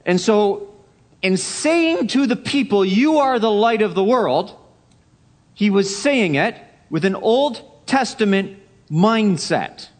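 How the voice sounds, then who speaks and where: A man preaching a Sunday sermon, emphatic, repeating key phrases and dropping to a hush for effect. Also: high voice, animated, slow pace. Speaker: pastor.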